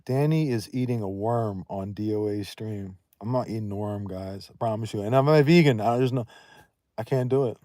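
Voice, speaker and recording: A man talking casually on a livestream, blunt and profane, rambling and quick to raise his voice. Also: fairly low pitch, dark tone, dry recording, clean studio sound. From Northeast United States.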